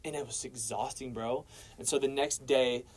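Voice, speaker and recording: A man's voice: mid-range voice, steady tone, normal speed, poor audio. Young man telling his story casually. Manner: casual, storytelling, peppers speech with "man" and "bro". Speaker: guest sharing his testimony. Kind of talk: casual personal testimony.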